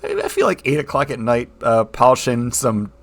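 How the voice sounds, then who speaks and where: A man's voice: medium pitch, huge pitch swings, moderate pace, gravelly. A man co-hosting a podcast, riffing wryly and sarcastically in a casual book chat. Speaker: podcast co-host.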